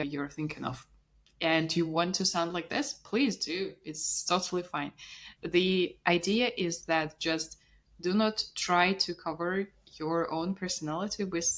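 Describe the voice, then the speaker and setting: A woman from Russia with a Russian accent, co-hosting a podcast in a calm, thoughtful, agreeable way. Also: lowish voice. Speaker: podcast co-host. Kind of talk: casual podcast chat.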